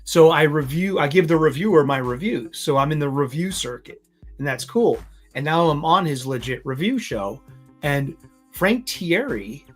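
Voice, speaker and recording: A man hosting a casual comics livestream, talking in a rambling, halting way with many fillers and restarts. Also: on the high side, lively intonation, soft background music. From Boston area. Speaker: comics review livestream host.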